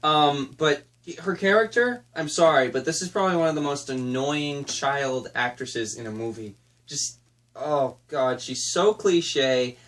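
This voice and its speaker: A man's voice: on the high side, measured pace, fairly bright tone. A man co-hosting a casual movie review chat, sarcastic and laughing often.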